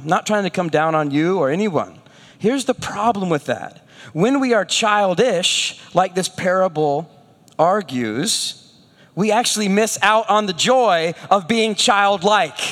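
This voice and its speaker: A male pastor preaches in a high, lively voice that swoops up and down as he tells stories and asks rhetorical questions. His voice rings out with a long echo, as in a big hall. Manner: animated, storytelling, rhetorical questions. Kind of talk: sermon.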